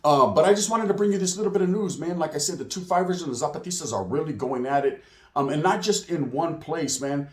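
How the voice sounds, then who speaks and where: A man hosting a casual street news monologue, slangy and streetwise, with a slightly hoarse voice. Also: fairly high pitch, animated, quick pace. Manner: streetwise, slang-heavy, acts out quotes in put-on voices. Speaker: channel host, street news commentator. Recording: roomy echo.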